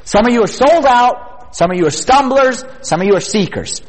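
A man giving an energetic youth sermon at a retreat, talking casually and often asking his listeners questions. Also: very high-pitched, moderate pace, big-room sound, rough recording. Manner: energetic, conversational, asks the audience questions.

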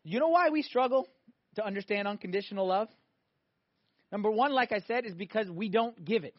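High-voiced animated male preacher. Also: fairly quick, no echo, dull audio. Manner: animated preaching, swinging between loud emphatic peaks and quiet asides. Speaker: priest. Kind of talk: sermon.

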